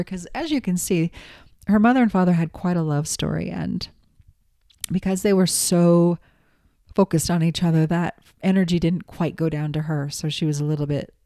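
A chatty middle-aged woman with a low, mellow voice, talking candidly and swearing now and then. She acts out quotes as she tells her story. The sound is dry and close. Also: no room sound. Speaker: psychic medium teacher. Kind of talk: casual teaching talk with anecdote.

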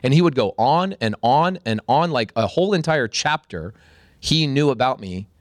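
A man in his forties, a podcast guest, telling a story with animated energy and a voice that jumps up when excited. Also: medium pitch, moderate pace, no room sound, studio quality.

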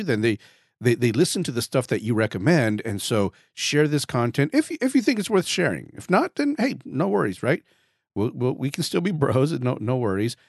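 A man in his forties hosting a casual podcast, with a raspy throat, talking in a chatty way, repeating words and cracking small jokes about himself. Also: mid-range voice, dry recording, clean studio sound. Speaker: podcast host.

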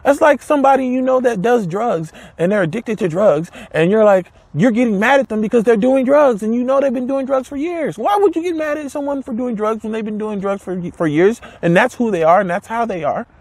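A man's voice: very high voice, a little fast, hardly any pauses, a little mellow, dry recording. A man giving an emphatic, casual motivational talk to camera, repeating his points and asking rhetorical questions, with blunt wording. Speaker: motivational speaker.

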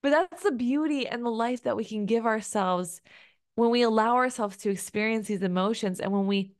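A woman's voice: a little high, moderate pace, dry recording, clean studio sound. A young adult woman hosting a solo podcast, talking in an earnest, emotive, rambling way with many fillers. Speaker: podcast host.

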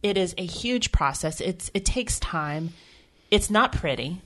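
Earnest lower-voiced woman on a podcast. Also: expressive, unhurried, fairly bright tone. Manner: earnest, emotional, rambling with restarts. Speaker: podcast co-host. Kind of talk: candid faith podcast conversation.

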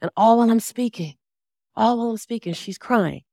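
A woman in her forties delivers a motivational speech from a stage, her voice sitting fairly high. She tells her story with theatrical flair, acts out the people she quotes, and hammers home phrases by repeating them. The sound is close and dry, with no room around it. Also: fairly quick, warm tone, no room sound. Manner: dramatic storytelling, acting out quoted dialogue; emphatic, repeats key phrases. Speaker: motivational speaker. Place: stage before a live audience.

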